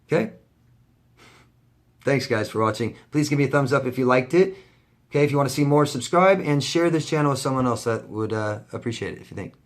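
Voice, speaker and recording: A man in a middle pitch gives an impassioned vlog rant to camera. He swears freely and hammers his points home by repeating them. The delivery is blunt and heated, like a coach laying down the law. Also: lively intonation, fairly quick. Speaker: life coach.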